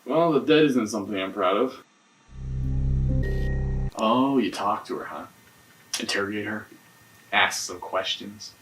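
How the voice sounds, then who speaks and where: A man's voice: lowish voice, unhurried, long pauses, distant mic, music in the background, close to an everyday voice, low-quality recording. An actor playing a defensive man questioned by police in a mystery game, talking evasively and swearing. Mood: guarded. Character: defensive, guarded young man under police interrogation.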